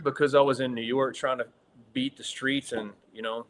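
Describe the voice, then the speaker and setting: A middle-aged man with a Southern accent, a guest telling stories in a casual interview, excitable, laughing often and saying "dude" a lot. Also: medium pitch, fairly quick, a little hiss or hum. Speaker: guest actor.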